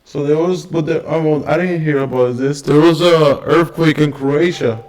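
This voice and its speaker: A man's voice: a little high, fairly even intonation, moderate pace, darkish tone, echoey room, far from the mic, low-quality recording. A man hosting a casual live stream, rambling and joking as he reacts to news clips and calls to someone off mic. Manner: rambling, jokey, talks to viewers and a partner off mic.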